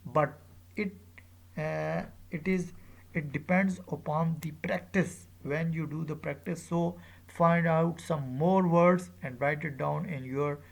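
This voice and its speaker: Teacher for a slow, measured pronunciation lesson; repeats example words and spells suffixes aloud. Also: medium pitch, fairly even intonation, creaky. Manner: says each example word aloud two or three times; deliberate, with spelled-out letters and frequent "uh". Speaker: English teacher. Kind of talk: pronunciation lecture.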